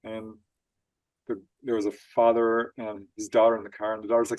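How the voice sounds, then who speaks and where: A man guest on an interview show, telling strange stories in an animated way, laughing often and acting out quotes. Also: lowish voice, a little fast. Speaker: author guest. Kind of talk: storytelling interview.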